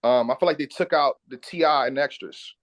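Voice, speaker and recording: A man's voice: medium pitch, fairly quick. A man in a casual podcast chat, playful and joking.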